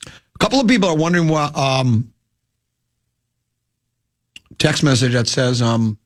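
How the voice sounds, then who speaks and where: A man hosting a sports talk radio show, sounding lower than usual from a cold, rambling and restarting his sentences. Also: lively intonation, a little slow. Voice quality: usually whiny and nasal.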